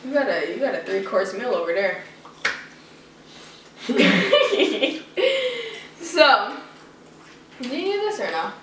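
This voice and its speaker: A woman's voice: on the high side, sing-song, slow, pauses often, recorded from a distance. A young woman co-hosting a family podcast in a casual, upbeat way, chatting and laughing often over a meal. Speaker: podcast co-host. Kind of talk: casual family chat during a food-eating video. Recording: echoey room, voice off-mic, light hiss.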